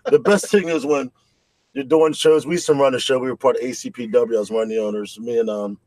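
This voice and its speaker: A man's voice: mid-range voice, steady tone, fast, a little mellow, dry recording, rough recording. A middle-aged man, a former wrestler and trainer, telling stories in a plain-spoken, laid-back way. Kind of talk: casual chat.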